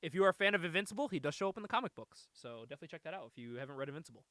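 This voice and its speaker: A podcast host with a high, bright, sharp voice leads a casual comic book chat, his pitch swooping up and down constantly. He talks very fast and expressively, laughing often and swearing freely, in a dry recording.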